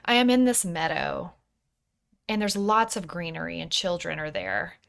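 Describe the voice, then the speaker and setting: A woman in her thirties hosting a personal podcast, speaking softly and thoughtfully, sometimes dropping to a whisper. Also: on the low side, animated, normal speed, gravelly. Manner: soft-spoken, introspective, slips into whispers. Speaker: podcast host. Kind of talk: personal reflective podcast monologue.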